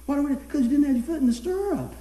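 A man's voice: very high voice, animated, very fast, dark tone, echoey room. A man preaching a sermon in a folksy way, telling a funny personal story and laughing as he goes.

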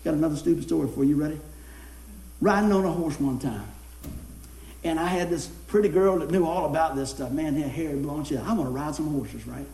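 A man's voice: on the high side, brisk, vocal fry, mellow, echoey room. A man preaching a sermon in a folksy way, telling a funny personal story and laughing as he goes.

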